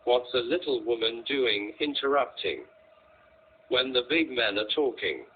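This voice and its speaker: A bullying young street thug, sneering and scornful, as a man reads him in a storybook. The voice drawls slowly and sounds thin and tinny, with a faint hiss underneath. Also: mid-range voice, expressive, close to an everyday voice. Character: sneering young male mob boss, bullying.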